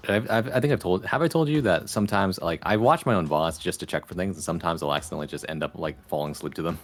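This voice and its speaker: A man with a calm, relaxing voice, a podcast guest chatting casually and wryly. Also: sits low, quick pace, faint music behind. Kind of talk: casual chat.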